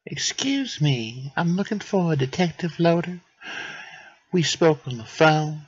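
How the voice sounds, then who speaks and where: A man's voice: fairly high pitch, animated, measured pace, husky, dry recording, lo-fi sound, voice pushed up. A man voicing a polite woman who comes to a detective's office.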